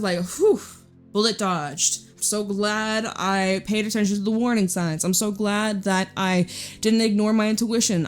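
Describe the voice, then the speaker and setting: A young woman giving a casual tarot reading, chatty and blunt, swearing freely and laughing often. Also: mid-range voice. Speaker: tarot reader.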